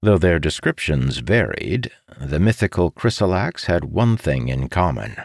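A man narrating a fantasy audiobook in a steady, expressive way. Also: extremely low pitch, a little slow, creaky, no echo, clean studio sound.

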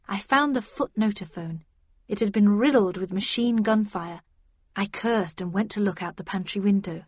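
A woman reading an audiobook, telling the story briskly in the first person. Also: medium pitch, slightly rough, no echo, highs cut off. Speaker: audiobook reader. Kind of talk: scripted narration.

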